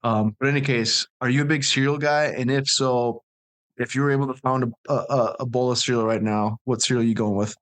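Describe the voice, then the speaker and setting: A man's voice: mid-range voice, steady tone, a little fast, fairly bright tone. A man from Minnesota with a Minnesotan accent, hosting a podcast in upbeat casual chat, asking questions and laughing easily. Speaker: podcast host.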